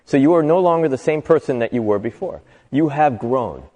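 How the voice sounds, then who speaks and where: A man speaks as a motivational speaker at a live event, talking with his listeners rather than at them and tossing them rhetorical questions. His voice sits at an ordinary middle pitch, and a long hall reverb trails behind each phrase. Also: animated, brisk, dark tone. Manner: conversational, asks the audience rhetorical questions. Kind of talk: inspirational talk to a live audience. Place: live talk venue.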